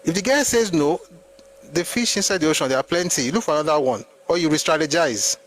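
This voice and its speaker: A man's voice: fairly high pitch, animated, quick pace, a bit bright, slight background noise, rough recording. A man with a Nigerian accent, hosting a live history talk and arguing his points with rhetorical questions. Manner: argumentative, full of rhetorical questions. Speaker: host.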